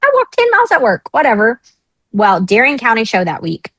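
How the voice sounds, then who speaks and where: A woman's voice: fairly high pitch, brisk, dry recording, rough recording. A woman in her thirties, a talk show guest, telling a personal story frankly and acting out the voices of the people in it. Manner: lively, frank, acts out quoted voices.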